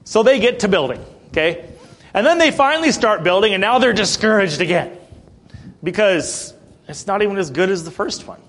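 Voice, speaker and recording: High-voiced male preacher clearing his throat. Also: expressive, normal speed, fairly bright tone. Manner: checks in with listeners, "Okay?" and "Amen?"; reads scripture aloud, then explains it plainly. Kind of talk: sermon.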